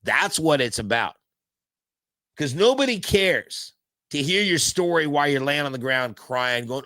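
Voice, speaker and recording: A man's voice: mid-range voice, unhurried, pushed and bright, no room sound, clean studio sound. A male podcast host, giving fired-up sports commentary in an emphatic pep-talk style full of rhetorical questions. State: hyped up.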